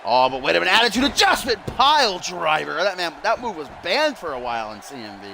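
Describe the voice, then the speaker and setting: A man giving live-stream play-by-play commentary on a wrestling video game, excitable and often rising to shouts on big moves. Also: mid-range voice, fast. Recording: clear background noise.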